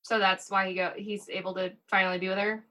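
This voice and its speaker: Podcast co-host, woman, crisp bright tone, quick skeptical one-liners. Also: medium pitch, little pitch movement. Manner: incredulous, quick wry reactions. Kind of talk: casual chat.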